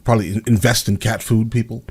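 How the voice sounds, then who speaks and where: A man's voice: lowish voice, fairly even intonation, darkish tone, husky. A man hosting a reaction channel, commenting casually to his viewers and often calling them "guys". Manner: talks straight to viewers, repeats "guys", quick asides.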